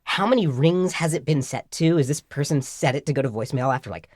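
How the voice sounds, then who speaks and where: A man telling an embarrassing story in casual podcast chat, animated and self-deprecating, full of "like" and "right?". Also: a little high, quick pace, slight background noise. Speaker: podcast co-host.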